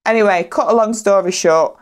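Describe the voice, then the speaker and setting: A woman's voice: mid-range voice, fairly quick, a little hiss or hum. A woman, a podcast co-host telling a candid, funny personal story in casual chat. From England.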